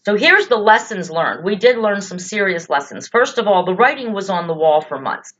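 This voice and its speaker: A woman's voice: mid-range voice, expressive, moderate pace, fairly bright tone. Woman vlogger with an ordinary mid-range voice, blunt and exasperated, on a slightly dull lo-fi track. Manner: blunt, exasperated, with rhetorical questions and swearing. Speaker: political vlogger. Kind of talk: indignant political commentary.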